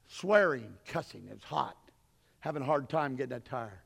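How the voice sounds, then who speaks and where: A man preaching a sermon, telling stories, his voice swelling loud and high and then dropping low. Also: normal speed, vocal fry, big-room sound. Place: church sanctuary.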